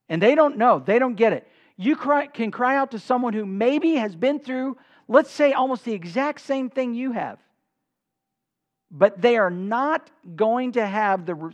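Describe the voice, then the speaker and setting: A man's voice: high voice, muffled recording. A man, a pastor, preaching an impassioned sermon and quoting scripture in old-style wording to a congregation in a church.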